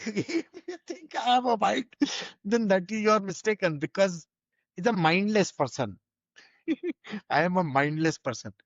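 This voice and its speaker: A man's voice: sits high, lively intonation, measured pace, pauses often, no echo. Spiritual teacher man, chatty, asks rhetorical questions, dry slightly dull sound. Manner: conversational, rhetorical questions, chuckling asides.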